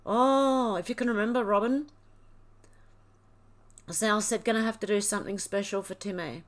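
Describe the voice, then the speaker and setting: A woman hosts a live chat stream, reading her viewers' comments aloud. She is tearful and emotional, and her voice sits at an ordinary middle pitch. Her delivery is casual and unscripted. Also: normal speed. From Australia. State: crying. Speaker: livestream host.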